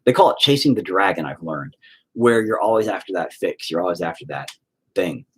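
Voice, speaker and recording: Low, expressive and a little fast, this man's voice has a fairly bright tone and a breathy edge. A band vocalist and podcast host with children, he rambles through a casual confessional chat, cursing often and relying on "you know" as a filler.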